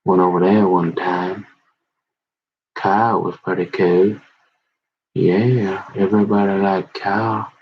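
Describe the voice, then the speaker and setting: A middle-aged man with a husky, somewhat low voice rambles through memories from his school days, acting out the people he quotes. The recording sounds dull and lo-fi. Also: slow, long pauses. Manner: rambling, quoting others in animated voices. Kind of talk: casual storytelling about high school memories.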